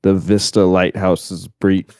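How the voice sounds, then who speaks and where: Whispered role-play: a man putting on a deep-voiced male narrator who describes places in a slow, breathy hush. The low whisper keeps close to the mic and stays level and unhurried. The room is dry and close. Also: level tone, no room sound. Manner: slow, hushed tour-guide narration.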